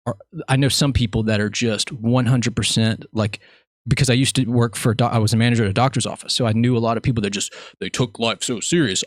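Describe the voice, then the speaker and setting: A man hosts a casual podcast interview in a loose, jokey way, often poking fun at himself as he rambles. His voice sits at a middle pitch, and the recording is dry and close. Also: no echo. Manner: jokey, rambling, self-mocking. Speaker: podcast host.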